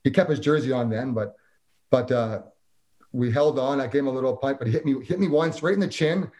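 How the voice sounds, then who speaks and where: A man's voice: medium pitch, brisk. A man from Canada, a former hockey player, telling a story in casual chat and acting out what people said. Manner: animated storyteller, acts out quotes.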